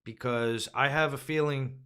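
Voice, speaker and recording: A man's voice: mid-range voice, fairly even intonation, unhurried, pushed and bright, clear, resonant tone. A man hosting a political podcast, ranting with profanity and rhetorical questions. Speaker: podcast host. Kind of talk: casual political podcast rant.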